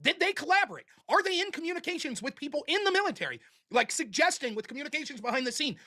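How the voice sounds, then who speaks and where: A man's voice: very high voice, big pitch swings, fast, pushed and bright. A man in a played clip talking bluntly about politics, swearing freely and tagging points with "right?". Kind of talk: casual political debate talk.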